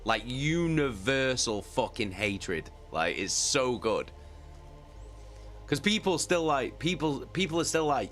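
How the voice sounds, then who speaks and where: Animated, sweary man. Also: medium pitch, normal speed, faint music behind. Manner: animated, sweary, laughs often. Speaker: livestream host reacting to an audiobook. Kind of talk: casual livestream chat.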